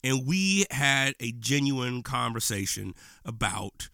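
Fired-up male podcast host, bright voice. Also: mid-range voice, very animated, slow, no room sound, clean studio sound. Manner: impassioned, preachy, loose and slangy. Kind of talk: casual podcast monologue. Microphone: podcast microphone.

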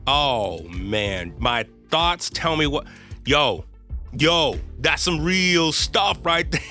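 Bright-voiced man confessing on his podcast. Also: mid-range voice. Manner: earnest and self-deprecating, with loose slang and frequent "right?" and "y'all". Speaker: podcast host. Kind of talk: candid confessional podcast talk.

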